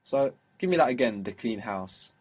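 A man's voice: mid-range voice, animated, moderate pace, darkish tone, husky. A man teaching a one-on-one lesson, explaining patiently and repeating words for the learner. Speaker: Arabic teacher.

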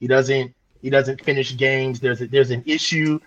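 A man's voice: mid-range voice, fairly even intonation, moderate pace. A man co-hosting a sports podcast, insistent and interrupting, repeating himself in a heated casual debate. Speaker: podcast co-host. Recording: dull lo-fi mic.

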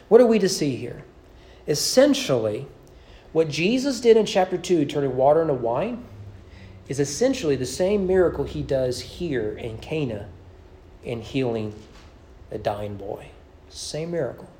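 Animated preacher, swooping between loud and hushed. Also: male voice. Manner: builds to emphatic peaks, drops to soft low endings; repeats phrases for emphasis. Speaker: pastor. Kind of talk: sermon. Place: church sanctuary.

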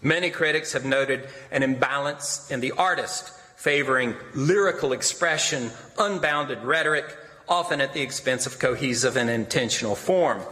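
A man giving a literary lecture in a measured, expressive way. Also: medium pitch. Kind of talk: literary lecture with dramatic readings. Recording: long hall reverb.

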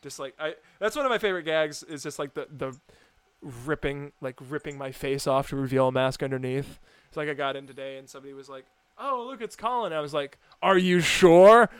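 A man's voice: mid-range voice, fast, clear, resonant tone, no echo. A young American man co-hosting a podcast, chatting casually, laughing often and restarting his sentences. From United States. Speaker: podcast co-host. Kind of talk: casual chat.

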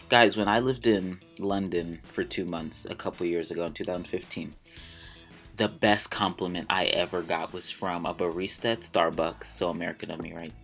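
A man's voice: low-pitched, a bit bright. A young man hosting a casual vlog, chatty and rambling, laughing at himself as he goes. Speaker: vlog host. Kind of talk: casual solo vlog chat.

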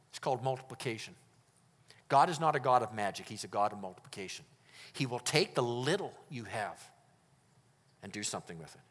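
A man preaching a sermon as pastor, emphatic, moving between loud declarations and hushed, earnest lines. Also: medium pitch. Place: church hall. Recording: long reverb of a church hall.

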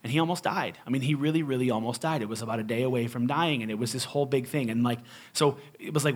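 A male pastor delivers a storytelling sermon in a conversational style, animated and joking. His medium-pitched voice moves at a quick pace and swings emphatically between loud and quiet.

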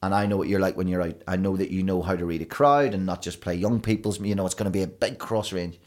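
A man, a broadcaster and DJ guest telling rambling, animated stories in a casual podcast chat. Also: low-pitched, fast. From Belfast, Northern Ireland. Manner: rambling, animated storytelling with restarts.

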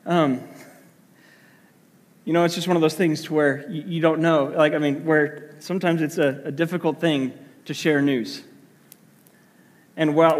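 Slightly high-voiced pastor in an echoing hall. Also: male voice. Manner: conversational, with many fillers; hushed when praying. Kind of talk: sermon. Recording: long hall reverb.

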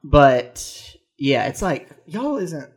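High voiced guy on a podcast, real lively pitch swings, bright sound. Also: drawn-out words, slightly rough. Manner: playful, lively, mocks with put-on voices. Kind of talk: casual comedic chat.

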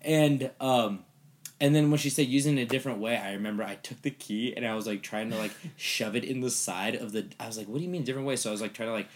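A man's voice: fast talker, slight background noise. A man in casual chat, telling a funny story with lots of fillers and swearing, acting out what people said. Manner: animated, swearing, acts out quotes in high voices. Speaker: storyteller recounting an escape room.

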